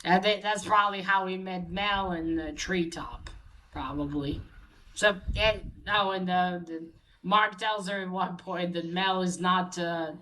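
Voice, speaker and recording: Slow, halting woman recapping a story. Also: lowish voice, fairly even intonation, bright, forceful tone, poor audio. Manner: halting, many fillers and restarts. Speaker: comic book reviewer. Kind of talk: casual plot recap.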